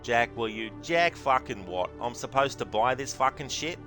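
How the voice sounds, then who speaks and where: A man's voice: mid-range voice, animated, moderate pace, a bit bright, soft background music, voice pushed up, close to an everyday voice. A man playing a brash, swaggering male hero in an exaggerated Australian accent, swearing crudely. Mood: mocking.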